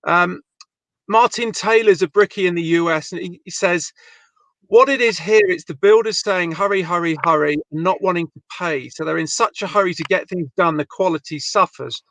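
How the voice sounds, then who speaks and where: A man's voice: high voice, normal speed, a bit bright, dry recording. A man hosting a live-stream chat about bricklaying, reading viewer comments aloud and asking his guests questions. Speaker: host.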